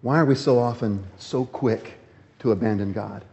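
A man's voice: moderate pace, gravelly. Man preaching in an echoing hall. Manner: acts out quoted complaints in raised voice, then drops low and quiet. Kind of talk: sermon. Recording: dull lo-fi sound in a reverberant hall.

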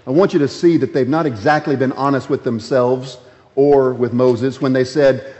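A man preaching a sermon, switching between voiced complaints from scripture and low, quiet asides to the congregation. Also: fairly even intonation, moderate pace. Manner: acts out quoted complaints in raised voice, then drops low and quiet. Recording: dull lo-fi sound in a reverberant hall.

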